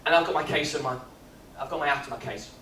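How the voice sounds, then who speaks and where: A man, speaking at a business workshop and telling stories in a lively, jokey way. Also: a little high, fast, a little hiss or hum. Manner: lively storyteller, jokey and animated. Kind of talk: live workshop talk with comic storytelling. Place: expo hall. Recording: echoey hall, mic from far off.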